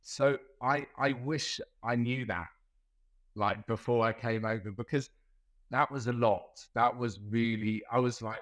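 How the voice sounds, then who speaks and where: A man's voice: medium pitch, steady tone, measured pace, a bit bright. A man from England, a nurse guest on a podcast, talking hesitantly and often repeating his words. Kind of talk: casual podcast chat.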